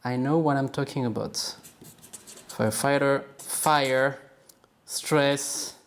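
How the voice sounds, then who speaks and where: Middle-aged French-accented man, mid-pitched, upbeat casual educator who jokes about himself. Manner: upbeat, chatty, laughs at himself. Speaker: supply chain educator. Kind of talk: casual explainer while drawing on a board.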